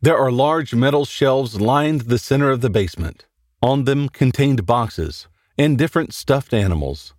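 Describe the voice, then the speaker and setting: A man narrating a horror story in a measured storytelling delivery as the host of a story show. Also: mid-range voice, lively intonation, darkish tone.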